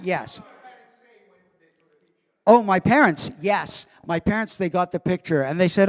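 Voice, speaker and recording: Man, convention guest storyteller, acts out quotes, fairly high voice, long hall echo. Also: measured pace, pauses often. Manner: animated storyteller who acts out quoted lines. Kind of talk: anecdote told to a live audience. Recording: long reverb of a large hall.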